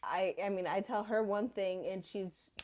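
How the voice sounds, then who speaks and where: A woman's voice: mid-range voice, measured pace, a little mellow. A woman in her thirties co-hosting a podcast, chatting casually and freely with lots of "you know" and "like". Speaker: podcast co-host. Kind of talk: casual chat.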